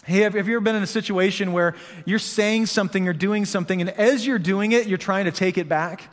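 High-voiced pastor in a reverberant hall. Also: male voice, brisk. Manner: conversational preaching with rhetorical questions. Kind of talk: sermon. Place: church hall.

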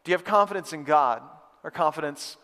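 High-voiced man preaching in an echoing hall. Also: brisk. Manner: energetic, conversational, repeats phrases for emphasis. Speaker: pastor. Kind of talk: live church sermon. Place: church auditorium with congregation. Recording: long hall reverb.

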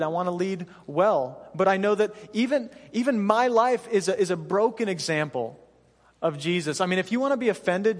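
A pastor in his thirties preaches a sermon from a church stage, animatedly telling self-deprecating stories that break into laughter. His voice is high, and the sound is that of a big room.

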